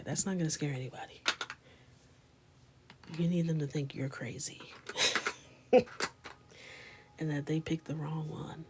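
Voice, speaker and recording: A woman in her thirties chatting in a mostly whispered, joking way while coloring, with sudden loud shouts. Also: low-pitched, moderate pace, pauses often, slight background noise. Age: 30s. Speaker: coloring livestreamer. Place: small closet with a ring light.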